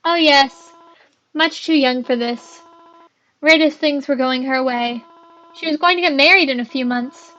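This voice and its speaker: Girl doing a high-voiced grieving mother, tearful, on a dull lo-fi recording. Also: measured pace, sharp tone. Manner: sorrowful, tearful, apologetic. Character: grieving mother of a dead young woman.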